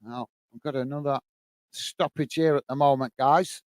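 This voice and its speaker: A man's voice: medium pitch, steady tone, normal speed, darkish tone, no room sound. A man hosting a live football watch-along, describing play and chatting with viewers, calling them mate. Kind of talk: live match commentary and chat with viewers.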